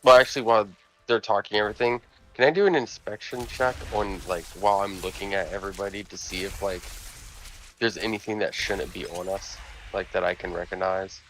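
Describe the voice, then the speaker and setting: A man's voice: lowish voice, fairly even intonation, brisk, a bit bright, a little hiss or hum, rough recording. A man playing a tabletop game, chatting in an easygoing way. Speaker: player. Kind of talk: casual tabletop game banter.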